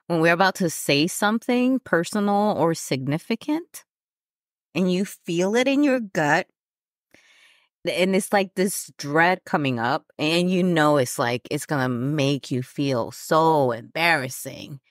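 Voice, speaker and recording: Woman podcaster, deep voice, candid and self-laughing, dry studio sound. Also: expressive, measured pace, no echo. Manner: candid, laughs at herself, frequent fillers. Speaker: podcast host. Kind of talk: personal reflective podcast talk.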